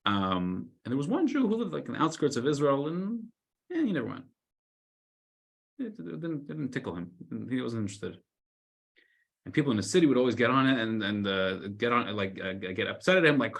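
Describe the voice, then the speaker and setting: A man, a rabbi, telling a story in a weekly Torah class, loudly acting out the scolding characters. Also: mid-range voice, a little fast, vocal fry. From United States. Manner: animated storyteller, shouts the lines of scolding characters.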